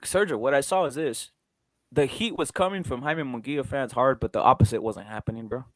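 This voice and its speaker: A man's voice: mid-range voice, brisk, no echo. A man hosting a casual boxing chat stream, ranting with lots of swearing and repetition. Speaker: host.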